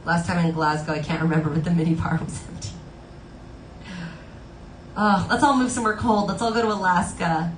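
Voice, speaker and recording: A woman's voice: lowish voice, a little fast, pauses often, roomy sound, a little hiss or hum, rough recording. A woman live-streaming from home, chatting casually with her viewers in a bubbly way, full of "like" fillers. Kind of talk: casual chat with viewers between songs. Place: Los Angeles home.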